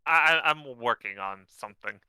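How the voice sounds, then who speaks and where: A man's voice: medium pitch, lively intonation, moderate pace, bright, forceful tone, clear, resonant tone, no echo, rough recording. A man playing a tabletop game on a live stream, suggesting plans and often stumbling over repeated words. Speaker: player.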